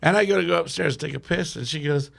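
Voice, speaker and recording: A man's voice: a little high, quick pace, creaky, a bit bright. A man telling wild drinking stories as a podcast guest, swearing a lot and laughing often. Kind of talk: casual storytelling.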